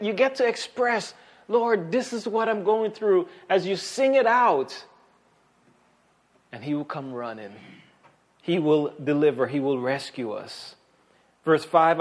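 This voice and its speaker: Male pastor, earnest sermon delivery, slightly high voice, hushed asides. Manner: earnest preaching with fillers and quoted scripture; drops to a soft hush on key points.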